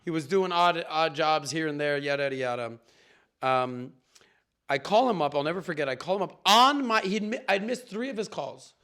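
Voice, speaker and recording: A man from Miami chats as a podcast guest, spinning stories full of quick asides. His voice sits high. It carries a gravelly fry. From Miami, USA. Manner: animated, talks through stories in quick asides. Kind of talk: casual storytelling chat.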